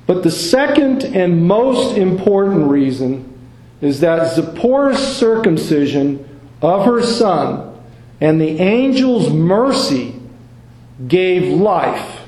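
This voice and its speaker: A man teaching a Bible study in a measured, careful way, stressing each quoted word. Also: a little high, very animated, darkish tone, roomy sound, low-quality recording. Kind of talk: slow expository Bible study reading.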